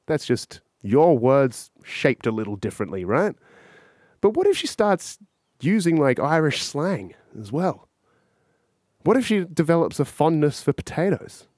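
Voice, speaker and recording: Male podcast host, casual profane rambler, lively swooping pitch, dry close sound. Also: no echo. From Australia. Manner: rambling, profane, musing aloud to listeners.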